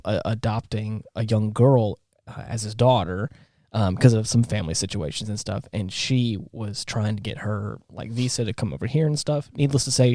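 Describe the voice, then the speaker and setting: A man's voice: lowish voice, dark tone, dry recording, studio quality. A man co-hosting a podcast, telling a story in casual chat, rambling with lots of fillers and restarts. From Southern United States. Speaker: podcast co-host.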